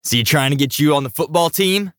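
A man voicing a burly, boisterous male college football fan who talks loudly and eagerly. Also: fairly high pitch, lively intonation, fairly quick, no room sound, clean studio sound, voice pushed up. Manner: brash, shouting, enthusiastic.

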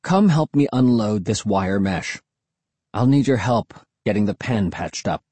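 A man voicing a grim, stern middle-aged father who speaks low and firm. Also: animated, unhurried, dark tone, breathy edge, dry recording.

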